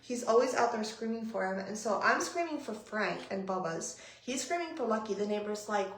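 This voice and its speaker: Animated, profane young woman vlogger. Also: on the high side, fast, few pauses, reverberant. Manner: animated, profane, acts out both sides of the story. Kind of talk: storytime vlog.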